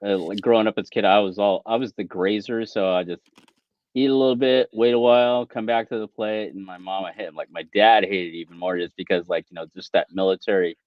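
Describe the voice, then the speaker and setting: A man guesting on a podcast, talking in a relaxed, rambling way full of "you know". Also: on the low side, fast, no room sound, highs cut off. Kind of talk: casual podcast chat.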